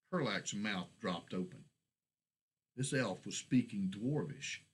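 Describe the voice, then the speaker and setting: A man reading his own fantasy short story aloud in a steady, measured storybook narration. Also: fairly low pitch, husky, rough recording.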